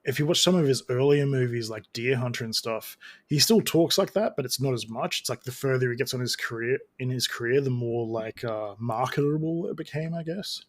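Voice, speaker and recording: A man's voice: medium pitch, a little fast, few pauses. A man co-hosting a podcast, chatting casually and rambling with lots of restarts and fillers. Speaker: podcast co-host. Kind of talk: casual chat.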